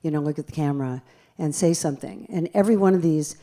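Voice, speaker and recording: A woman pianist and bandleader telling lively, self-deprecating stories from a theater stage into a stage microphone between songs. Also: deep voice, quick pace. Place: theater stage at a live concert.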